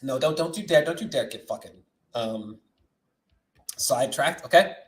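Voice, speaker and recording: Loud excitable man ranting in an echoey room. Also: mid-range voice, moderate pace. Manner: profane, excitable, swings from shouting to muttering. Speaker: movie news vlogger. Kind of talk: animated solo movie-news rant.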